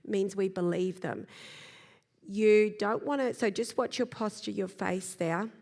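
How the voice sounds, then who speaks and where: Calm woman in a reverberant hall. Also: medium pitch, gravelly. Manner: calm, gentle, demonstrates slow breaths and sighs aloud. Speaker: parenting speaker. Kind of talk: presentation to a live audience. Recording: long reverb of a large hall.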